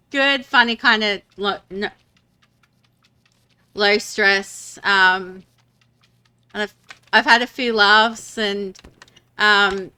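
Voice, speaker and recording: A woman's voice: mid-range voice, bright, forceful tone, clean tone. A woman streaming a game, chatting casually and rambling with many fillers and restarts. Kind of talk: casual gameplay chat.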